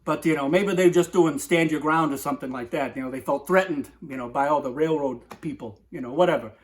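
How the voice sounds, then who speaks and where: Slightly high-voiced man, comic poetry host, rambling and tangential, keeps tossing in "right?". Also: a little fast. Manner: rambling, digressive, lots of "right?".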